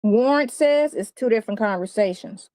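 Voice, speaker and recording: A woman's voice: fairly high pitch, animated, normal speed, warm tone. A woman explaining a legal case in a rambling way, trailing off with filler sounds. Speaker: commentator.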